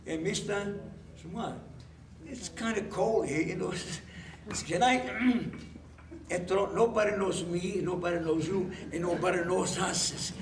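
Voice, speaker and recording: Man telling a joke, high voice, acts out the people in it, distant mic, echoey room. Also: measured pace, a crowd in the background. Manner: acts out both people with voice changes, chuckling storyteller. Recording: roomy, distant, faint noise.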